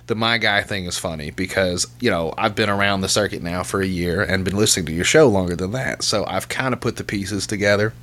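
A man, a guest on a podcast, telling stories in a teasing, animated way and swearing casually. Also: low voice, a little fast, hardly any pauses. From American South.

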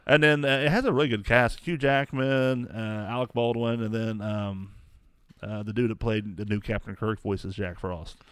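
Enthusiastic low-voiced man, dry sound. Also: fairly even intonation, normal speed, a bit bright, smooth, no room sound. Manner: enthusiastic, gushing, chatty. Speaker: podcast co-host. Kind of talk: casual chat.

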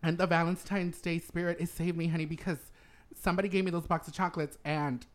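A man hosting a podcast, telling a personal story in a campy, animated way and laughing often as he talks. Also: a little high, quick pace. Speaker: podcast host. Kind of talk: casual storytelling chat.

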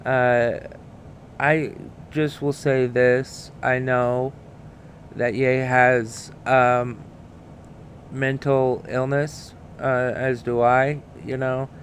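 Slow, halting man hosting a podcast. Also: mid-range voice, little pitch movement, a little hiss or hum. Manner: halting, many fillers and restarts, swears freely. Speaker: podcast host. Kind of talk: casual solo commentary.

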